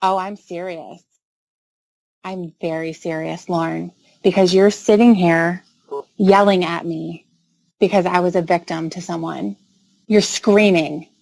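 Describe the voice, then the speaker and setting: A woman arguing back in a firm, sharp, profane way. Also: lowish voice, steady tone, a little slow, vocal fry, dry recording, poor audio. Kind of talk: heated argument.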